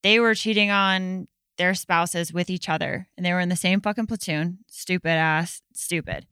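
A woman's voice: on the low side, fairly even intonation, pushed and bright, clean tone, no echo. A woman talking frankly and profanely in a casual conversation. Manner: frank, profane, quick commentary.

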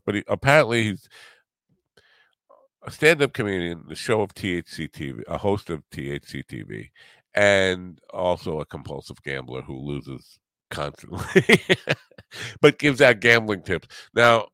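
An older man hosting a podcast in casual, rambling chat, halting often and joking at his own expense. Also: low voice, fairly bright tone, no room sound. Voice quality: rambling, halting, self-deprecating. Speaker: podcast host.

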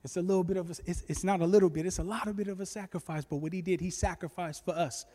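A man preaching a sermon, telling stories in an animated way with bursts of shouting. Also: sits high, fast. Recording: long reverb with faint music.

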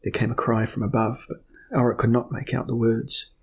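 A man narrating a fantasy novel as an audiobook in a measured, even storytelling manner. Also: medium pitch, gravelly, breathy edge.

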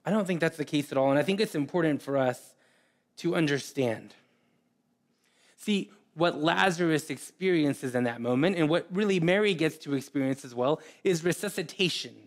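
Earnest pastor man, higher-pitched voice. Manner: earnest, repeats words, pauses often. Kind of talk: sermon.

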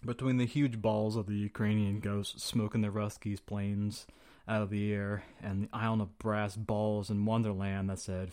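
A young man hosts a podcast, riffing on his opinions in a flippant, profane and slangy way while acting out quotes. His voice is lowish and a little mellow, with a flat delivery at normal speed.

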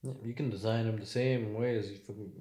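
A man from Toronto chats casually as a podcast co-host, his voice slightly low and his swearing easy. The room around him sounds noticeably echoey. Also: fast. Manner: relaxed, profane, talks about gaming. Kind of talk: casual chat.

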